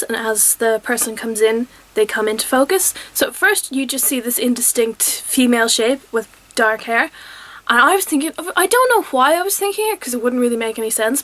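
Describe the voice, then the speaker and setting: A woman's voice: fairly high pitch, fairly bright tone. A young woman reviewing a TV episode in casual, enthusiastic, rambling chat, often acting out quotes. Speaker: TV review vlogger.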